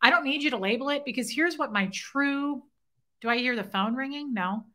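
Her voice sits high, with a brisk pace and sharp tone, as she streams casually from home. The host animatedly retells a story and calls out viewers by name to thank them.

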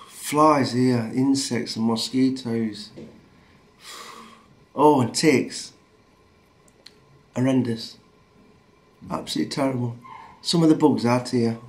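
A man's voice: medium pitch, a little mellow. A middle-aged man with a Northern English accent, rambling in a casual, blunt and sweary vlog. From Northern England. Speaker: vlogger. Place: rural home in a small town.

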